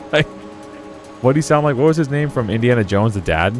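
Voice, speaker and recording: A man's voice: medium pitch, expressive, fast talker, over music. A young man chatting loosely while playing a video game, rambling through stories and laughing often. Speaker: gaming streamer. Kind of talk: casual let's play commentary.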